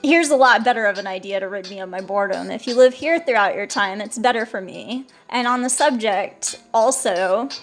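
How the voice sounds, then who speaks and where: A woman's voice: mid-range voice, brisk, few pauses, soft background music, lightly acted. A woman reading out the lines of an angry male mafia boss in a casual paraphrasing way. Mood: threatening.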